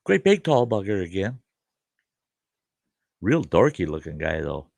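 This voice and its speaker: Gravelly older man spinning a yarn. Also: low voice, measured pace, no room sound. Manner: animated, chuckling, dry gravelly delivery. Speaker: host. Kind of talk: casual storytelling.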